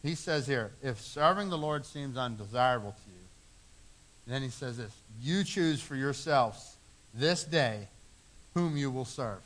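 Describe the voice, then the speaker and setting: A man's voice: mid-range voice, expressive, measured pace, a bit bright. A middle-aged man preaching a sermon, earnest, repeating phrases for emphasis. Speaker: pastor.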